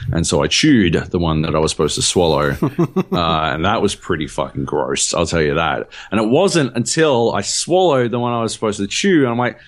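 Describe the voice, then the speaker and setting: Male podcast co-host, deep low voice, loose rambling delivery, lots of swearing. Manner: rambling, profane storytelling with many fillers. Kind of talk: casual chat.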